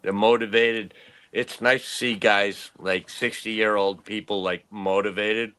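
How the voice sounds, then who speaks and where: A man's voice: on the low side, fairly even intonation, unhurried, sharp tone, smooth. Rambling fifties man telling stories. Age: 50s. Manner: rambling storytelling, laughs often. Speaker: podcast host. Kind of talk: casual chat.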